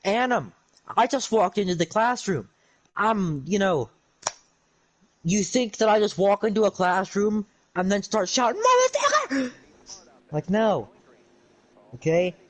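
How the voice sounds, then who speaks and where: A man's voice: sits high, unhurried, long pauses, low-quality recording. A young man telling an exasperated, sarcastic, rambling story on a livestream. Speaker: streamer.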